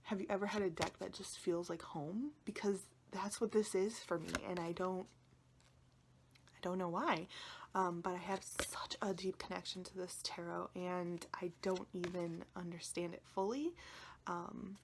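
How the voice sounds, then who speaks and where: Here the same tarot creator has a lowish, steady voice at normal speed, with slight background noise behind her. She rambles casually to her vlog audience, near tears and frequently dropping to a whisper.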